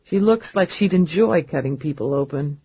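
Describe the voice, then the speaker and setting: A man's voice: on the high side, expressive, moderate pace, husky, narrow, tinny audio. A man voicing a tough, blunt female police lieutenant in an audiobook, with a brusque, exasperated delivery. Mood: wry.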